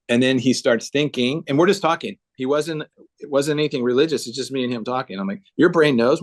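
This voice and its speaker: Guy on a zoom call, earnest, acting out the dialogue as he tells it, fairly average pitch. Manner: earnest, emphatic, acts out dialogue. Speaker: guest speaker. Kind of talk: conversational storytelling on a video call. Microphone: video call.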